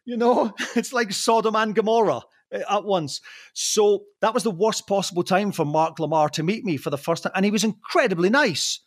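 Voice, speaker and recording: A man telling anecdotes as a podcast guest, laughing often, swearing, and slipping into quick impressions. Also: sits high, no room sound, studio quality.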